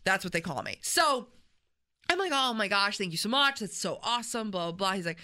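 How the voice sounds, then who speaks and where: On a morning radio show, a woman co-host with a medium-pitched, fairly quick voice tells a story through casual banter. She's chatty and animated, acting out the voices of the people in it, recorded on a studio microphone in the radio studio.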